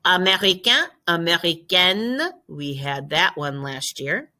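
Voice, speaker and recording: A woman teaching a recorded French lesson, drawing out model words slowly and explaining quickly in between. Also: lowish voice, animated, bright, forceful tone. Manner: slow, drawn-out French model words, quick asides in English.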